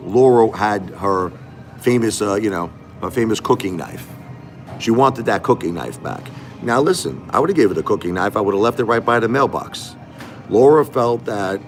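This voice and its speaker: A man hosting a live stream in a casual monologue, aggrieved and repetitive, putting rhetorical questions to his viewers. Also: on the low side.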